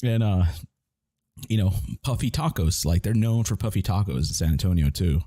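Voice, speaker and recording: A man's voice: sits low, expressive, normal speed, warm tone, husky, dry recording. A man telling a rambling, profane story in casual chat while gaming, with many restarts. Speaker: gamer chatting on stream.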